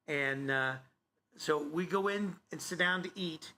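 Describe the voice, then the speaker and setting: A man tells a story in a high, bright voice. He rambles and keeps restarting with "so anyway". Faint room ambience sits behind him. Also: measured pace, a little hiss or hum. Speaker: co-host, sports announcer. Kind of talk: casual storytelling chat.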